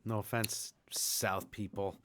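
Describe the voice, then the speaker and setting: A man's voice: fairly low pitch, fairly even intonation, slow pace, fairly bright tone. A man co-hosting a podcast in casual chat, cutting in with dry, teasing remarks. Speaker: podcast co-host.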